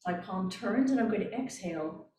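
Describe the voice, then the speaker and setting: Woman, Canadian accent, voice coach, calm guided breathing instruction, off mic, echoey room. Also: mid-range voice, moderate pace, recorded from a distance, a little hiss or hum. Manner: calm, gentle, step-by-step guidance with demonstrated breaths. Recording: roomy echo, voice from off mic.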